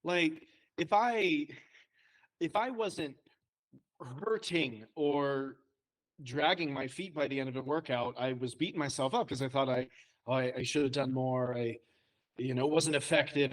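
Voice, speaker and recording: A man co-hosting a podcast, with a mid-range voice. He talks in a relaxed, agreeable way and chimes in casually with his own experience. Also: mid-range voice, unhurried, rough recording. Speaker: podcast co-host.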